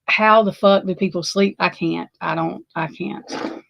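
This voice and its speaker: A woman giving shaken, emotional true crime commentary, halting and stammering, swearing, close to tears. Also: lowish voice, fairly even intonation, gravelly, no echo, dull audio.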